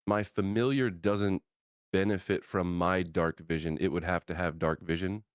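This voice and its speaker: Deep-voiced man thinking aloud. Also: fairly even intonation, normal speed, clean tone, dry recording, clean studio sound. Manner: thinking aloud, hesitant, many fillers. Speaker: player. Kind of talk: casual tabletop game chat.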